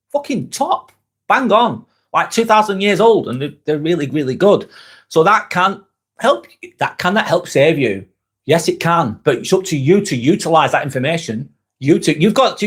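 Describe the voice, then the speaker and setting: A man's voice: a little high, slightly rough. A man hosting a live motivational vlog, chatting bluntly and casually with viewers, swearing freely and repeating his points for emphasis. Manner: talks while eating a snack. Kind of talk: live motivational chat reading viewer comments.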